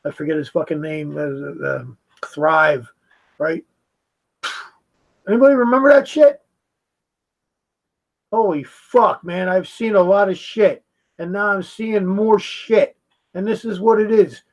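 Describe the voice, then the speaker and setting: A man's voice: high-pitched, unhurried, gravelly, pauses often, rough recording. A man giving a heated, profane reaction commentary, mocking the video he is watching.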